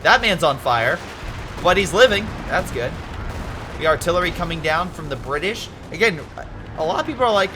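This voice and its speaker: A man casually commentating a strategy game replay, animated and excitable, joking and swearing at the screen. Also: fairly high pitch, moderate pace, music in the background.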